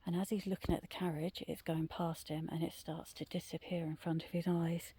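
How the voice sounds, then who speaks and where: A middle-aged woman tells ghost stories as she walks a wooded trail at night, slipping often into a hushed whisper. Her voice sits low, with a warm, mellow tone and some gravel in it. Faint outdoor noise hums behind her. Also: flat delivery, brisk. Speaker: vlogger telling ghost stories. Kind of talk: casual storytelling on a walk.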